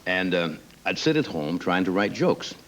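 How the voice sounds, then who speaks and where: A man's voice: low voice, normal speed, rough recording. A male talk show host chatting with a guest and telling wry stories in a TV studio. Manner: lively, wry storyteller. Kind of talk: casual chat. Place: TV studio with live audience. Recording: studio audience and room noise audible.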